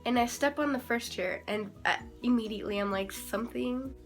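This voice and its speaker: Young female vlogger, higher pitch, animated and self-mocking storyteller. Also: a little fast, faint music behind. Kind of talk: casual storytime.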